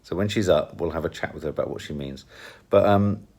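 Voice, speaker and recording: An English man chats in a family vlog with a very deep voice. His manner is wry and teasing. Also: a little fast, a little mellow, husky. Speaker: vlogger. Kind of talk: casual chat.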